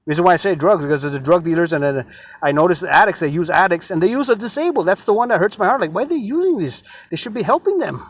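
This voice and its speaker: A man's voice: sits high, animated, fast, no echo. A man rambling in an aggrieved, repetitive monologue he records himself, full of "you know" fillers. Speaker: vlogger recording his complaints.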